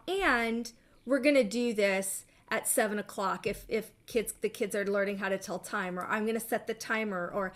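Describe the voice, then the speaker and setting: A middle-aged woman therapist explaining steps in a measured way, often checking in with "right?". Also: mid-range voice. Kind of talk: therapy session talk.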